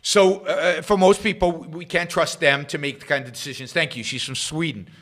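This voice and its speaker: A middle-aged man hosting a political talk livestream, sarcastic and rambling, jumping between loud emphasis and quiet muttered asides. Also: fairly high pitch, moderate pace. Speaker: host of a political talk show. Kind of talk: livestream commentary.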